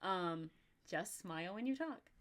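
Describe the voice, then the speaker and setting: Young woman, podcast host, casual chat, slight vocal fry, animated and laughing, loose swearing. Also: on the low side, unhurried, a little hiss or hum.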